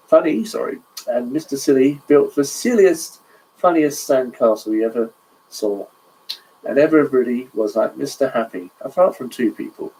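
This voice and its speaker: A man's voice: medium pitch, warm tone, slightly rough, low-quality recording. Chatty man reading a picture book aloud. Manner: chatty, chuckles, stops to admire pictures. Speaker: reader of a children's book.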